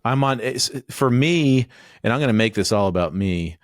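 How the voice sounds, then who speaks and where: A man's voice: medium pitch, lively intonation, moderate pace, no room sound. A man in his forties co-hosting a casual sports chat, joking at his own expense. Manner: self-deprecating, joking. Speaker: podcast co-host.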